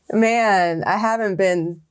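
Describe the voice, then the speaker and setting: A woman's voice: mid-range voice, extremely slow, clean tone. A woman writer reading her draft aloud and revising it as she goes, with a chatty, wry manner and casual fillers.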